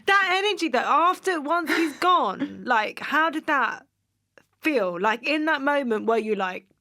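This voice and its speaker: A woman's voice: high-pitched, expressive, measured pace, bright, forceful tone. A woman hosting a podcast interview, asking questions and encouraging her guest in casual chat. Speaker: podcast host.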